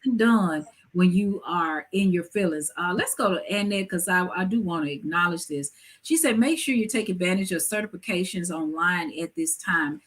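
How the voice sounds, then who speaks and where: A woman hosting a live talk show, giving hair-care advice in a lively, preachy way with emphatic asides. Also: fairly low pitch, moderate pace. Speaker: host.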